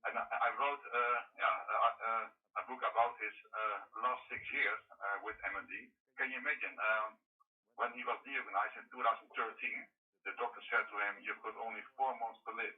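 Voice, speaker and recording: A man's voice: lowish voice, steady tone, normal speed. A Dutch man, a guest author, speaking English as a second language hesitantly with many fillers. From Netherlands. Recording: distant tinny phone line.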